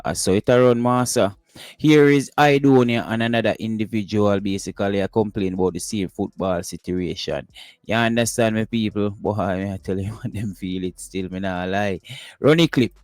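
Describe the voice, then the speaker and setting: A man's voice: lowish voice, normal speed, a little mellow, no echo. Chatty Jamaican man hosting commentary. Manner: laughing, chatty, patois asides. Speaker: host. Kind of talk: casual commentary.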